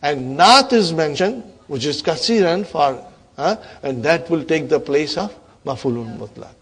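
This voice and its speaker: Guy teaching arabic grammar in class, kinda high voice, keeps checking everyone's with him. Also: lively intonation, unhurried, a bit bright, husky. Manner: encouraging, asks the class questions, repeats words for emphasis. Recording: classroom lecture recording.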